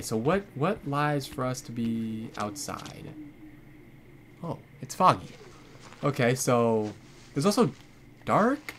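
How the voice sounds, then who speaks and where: A man hosting a horror game let's play, reacting out loud, swearing often and bursting into startled shouts. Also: mid-range voice, slight background noise. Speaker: gaming channel host.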